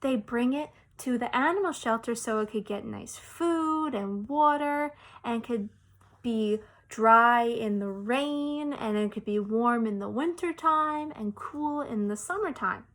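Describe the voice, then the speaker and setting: A woman teacher telling a personal story to young children, expressive and explaining things simply. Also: fairly high pitch, a little slow.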